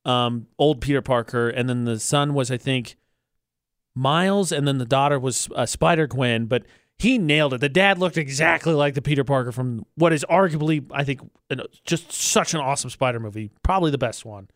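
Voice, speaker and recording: A man's voice: mid-range voice, normal speed, a bit bright, no room sound, studio quality. A man co-hosting a casual podcast chat, talking with enthusiasm and rambling through restarts. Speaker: co-host.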